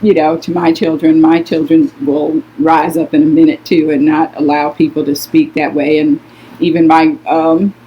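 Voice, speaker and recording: A woman's voice: deep voice, flat delivery, moderate pace, a little hiss or hum. An older woman telling stories in a casual conversation with her adult daughter, speaking in an emphatic, outspoken and indignant way. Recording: muffled lo-fi recording.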